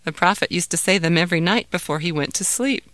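A woman voicing a gentle, loving mother who speaks soothingly and patiently. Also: lowish voice, fast talker, no room sound, lightly acted. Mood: explaining. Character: gentle loving mother calming her son.

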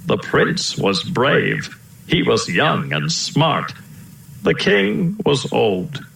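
Slow, creaky-voiced storybook narrator. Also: male voice, mid-range voice, big pitch swings, fairly bright tone. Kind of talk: storybook reading aloud. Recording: roomy echo.

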